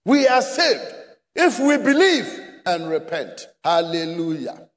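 A Ghanaian man delivers a sermon in a strikingly high voice. He drives each point home with repeated rhetorical questions that swell into shouts. His words ring with the long reverb of a large hall. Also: very animated, slow. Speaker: preacher.

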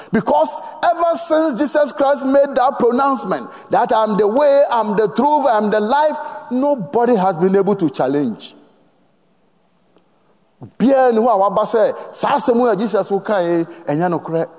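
A man with a Ghanaian accent preaches emphatically, prompting the congregation to finish his phrases. His voice is very high with a darkish tone. The long reverb of a large hall fills the recording.

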